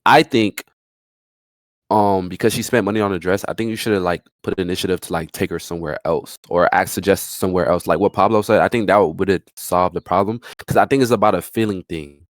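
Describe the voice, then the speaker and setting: A young man tries to calm a heated discussion, stumbling through ums before making his point. His voice is very deep. The sound is dry and close. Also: a little fast, no room sound. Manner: hesitant mediator, many ums and restarts, clears throat. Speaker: panelist in a group discussion. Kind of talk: casual discussion.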